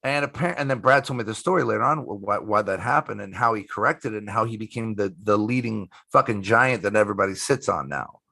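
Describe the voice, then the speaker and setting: Bright-voiced man telling animated stories. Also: fairly low pitch, quick pace, vocal fry, few pauses. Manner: animated storyteller who acts out quotes, swears casually. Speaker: magician guest. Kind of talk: casual storytelling interview.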